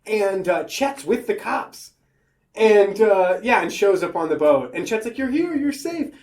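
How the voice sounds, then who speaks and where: A podcast host recaps a book's plot with animated energy, jumping in to act out the characters. His pitch swings widely and sits fairly high for a man. The tone stays casual and joking. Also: a little slow. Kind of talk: casual comedic book discussion.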